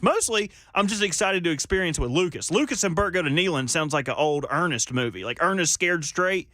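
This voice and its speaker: A man co-hosting a sports radio show, joking and excitable in casual banter in a radio studio. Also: high-pitched, no echo.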